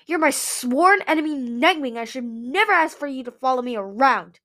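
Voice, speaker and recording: A woman voicing a proud young male ice dragon who snaps at his friends in a sharp, forceful way. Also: sits high, lively intonation, normal speed, voice pushed up. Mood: angry.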